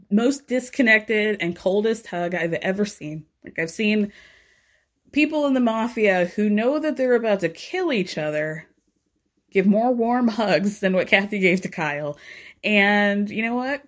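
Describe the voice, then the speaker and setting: A woman casually recapping a reality show, sarcastic and chatty, acting out what people said. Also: mid-range voice. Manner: chatty, sarcastic, quotes people in her own voice.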